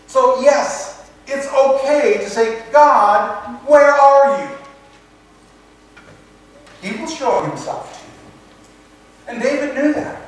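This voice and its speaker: Slow and earnest, a man with a high voice preaches a sermon, stumbling over and repeating words as he works his way through scripture. He sounds far from the microphone, in a very echoey room with faint noise in the background.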